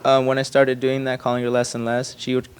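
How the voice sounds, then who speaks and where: A young man earnestly telling a personal story in casual talk, his voice often trailing off soft. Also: medium pitch, completely flat delivery, quick pace, clean tone. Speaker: church member.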